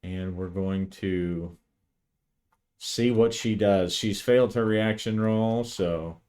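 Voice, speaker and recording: A man narrates a solo tabletop role-playing session, thinking out loud in a thoughtful, hesitant way and often restarting. His voice is on the low side and darkish, and he takes his time.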